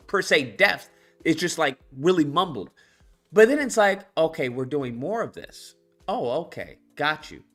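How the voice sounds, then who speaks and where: A man's voice: high-pitched, fairly bright tone. A man hosting his own commentary channel, ranting about a video game in a heated, profane way with many restarts.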